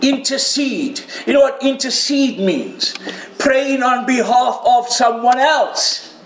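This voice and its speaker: A man preaching a sermon to a congregation and viewers at home, crying out quoted prayers loudly and joking with his listeners. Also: very high voice, animated, slow, a little hiss or hum. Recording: roomy hall with faint ambience.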